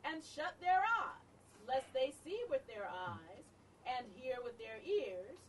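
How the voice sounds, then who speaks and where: A high, lively-pitched woman reads scripture aloud in a slow, measured cadence. She sits away from the mic, with faint room ambience around her voice. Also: far from the mic, a little hiss or hum, poor audio. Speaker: scripture reader in a church class.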